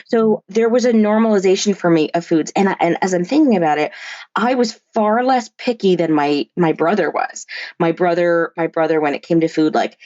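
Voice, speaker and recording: Frank low-voiced woman on a dull line. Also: normal speed, darkish tone, no room sound. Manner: frank, many fillers and restarts, occasional swearing and laughs. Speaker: therapist and body-image coach, podcast guest. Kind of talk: candid conversational storytelling. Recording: dull lo-fi remote recording.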